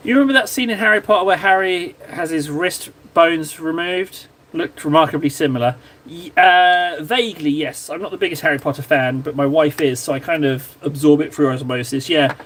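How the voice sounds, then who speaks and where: A man with a fairly bright, higher-pitched voice talks at a fairly quick clip while hosting a live stream where he paints miniatures. He chats casually, pokes fun at himself, and rambles, often getting sidetracked and drifting off topic.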